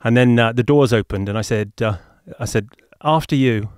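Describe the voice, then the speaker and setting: A podcast host from England, with an English accent, interviews a guest in a chatty, jokey manner and laughs often. His medium-pitched voice is brisk, a little mellow, and fairly even in intonation, recorded with studio quality and no echo.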